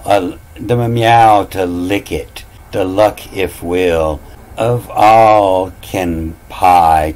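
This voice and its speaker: Man, unhurried drawl, lowish voice, musing, repeats himself, spells words letter by letter. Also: darkish tone, rough recording. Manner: repeats phrases over and over. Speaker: channel host. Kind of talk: casual explanatory monologue.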